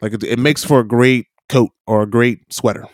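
Animated man telling stories, dry sound. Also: medium pitch, normal speed, dry recording. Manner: animated storyteller, acts out quoted voices, many "right?" tags. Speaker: podcast co-host. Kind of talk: casual chat, storytelling. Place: lives in New Zealand.

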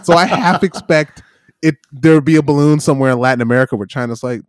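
Speaking at a quick pace in a fairly high voice, a young podcast co-host tells a meandering story, chatting casually with lots of filler words and quotes he performs. It's a dry, studio-quality recording.

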